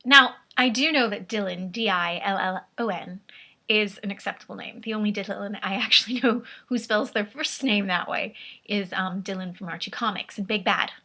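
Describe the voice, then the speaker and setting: A woman's voice: mid-range voice, moderate pace, sharp tone. A woman vlogging in a rambling, chatty way, often laughing at herself, with a vaguely British put-on accent. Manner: rambling, chatty, self-amused with frequent laughs. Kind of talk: casual chat.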